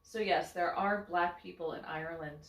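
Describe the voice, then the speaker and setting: A woman's voice: fairly low pitch, steady tone, moderate pace, fairly bright tone. A woman co-hosting a podcast in casual chat, playful and theatrical. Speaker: podcast co-host. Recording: echoey room.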